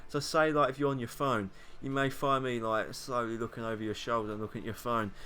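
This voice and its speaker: In a casual vlog monologue, a young adult British YouTuber rambles to camera, teasing himself and often laughing between thoughts. His medium-pitched voice is smooth, pushed and bright, with fairly even intonation and a fairly quick pace.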